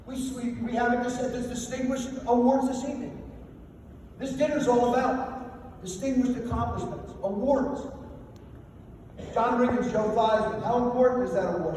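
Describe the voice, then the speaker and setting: Older male banquet speaker, humorous motivational storyteller, high-pitched, recorded at a distance in a reverberant hall. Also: dark tone. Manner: anecdotal, self-deprecating storytelling. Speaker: after-dinner speaker. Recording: echoey hall from far off, faint noise.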